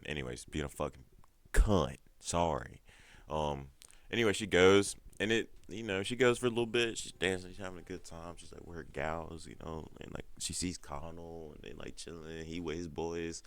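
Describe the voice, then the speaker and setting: A man's voice: sits low, normal speed, no echo. A man with a stuffed-up nose giving a heated, rambling TV show recap full of swearing. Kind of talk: casual profane TV recap.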